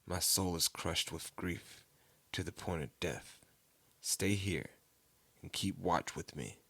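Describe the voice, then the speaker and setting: A man's voice: on the low side, normal speed, no room sound, natural voice. A man reading Jesus, solemn and grave. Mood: hushed grief. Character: Jesus, solemn grown man teaching his followers.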